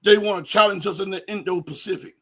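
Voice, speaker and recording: A man hosting a livestream, reading viewer chat and commenting emphatically, firing rhetorical questions and building up to shouting. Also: high voice, fairly even intonation, quick pace, breathy edge. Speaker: livestream host.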